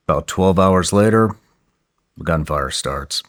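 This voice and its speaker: A man with a very deep voice hosts the conversation and tells his own side of the story. His phrasing is blunt, profane and clipped. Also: unhurried, pauses often. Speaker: podcast host. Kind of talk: casual storytelling.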